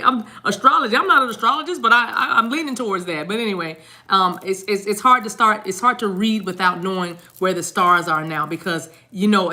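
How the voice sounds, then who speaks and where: Bright-voiced chatty woman reader. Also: fairly low pitch. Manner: chatty, rambling, repeats words, sings snatches of songs. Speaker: tarot card reader. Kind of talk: casual tarot reading monologue.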